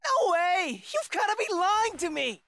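A woman's voice: very high voice, sing-song, unhurried, a bit bright, dry recording, clean studio sound, full character voice. A woman voicing a cowardly, whiny teenage boy swordsman who shrieks in melodramatic panic, in an anime fan dub. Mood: shocked.

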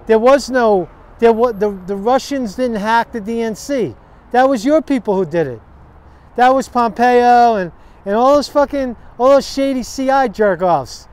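Combative New man ranting, high voice. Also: darkish tone, clear, resonant tone. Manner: profane, sarcastic, combative. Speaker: vlogger. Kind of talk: angry political rant to camera. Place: outdoors on a city street.

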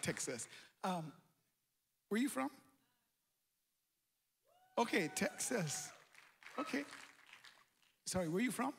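A Jamaican man hosting a conference in a large auditorium calls out energetically to warm up the crowd. His voice sits high and is a bit bright, with a breathy edge.

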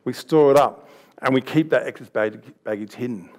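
A man's voice: medium pitch, moderate pace. A man giving a youth sermon, chatty, laughing and restarting as he tells stories. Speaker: youth pastor. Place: church hall.

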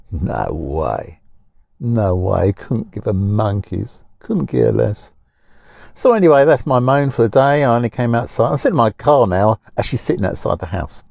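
A man's voice: medium pitch, vocal fry, warm tone, no echo, studio quality. A man, talking casually from inside a parked car, rambling and grumbling in a blunt, plain-spoken way. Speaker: vlogger. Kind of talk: casual talking-head rant.

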